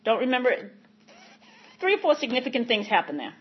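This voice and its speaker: A middle-aged woman tells her own story with candid, animated energy and frequent laughter. Her voice sits high and has a husky edge. The recording is dull and muffled. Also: a little fast. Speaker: speaker sharing recovery story. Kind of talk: personal testimony talk.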